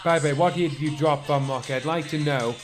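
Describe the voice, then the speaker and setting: A man's voice: on the high side, fast talker, soft background music, lightly acted. A man reading an earnest young male hero leader's lines in his own voice, in a plain amateur reading.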